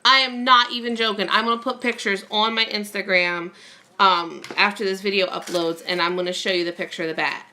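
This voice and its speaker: A woman's voice: medium pitch, fairly even intonation, fairly quick, pushed and bright. A woman vlogging at home, chatting casually while crafting and telling a long rambling story full of fillers.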